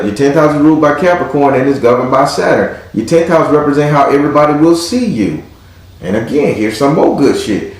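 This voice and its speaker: A man's voice: fairly high pitch, a little mellow. Man, tarot reader, blunt and cursing, hyped up, heavy room echo. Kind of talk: live tarot reading. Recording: very echoey room.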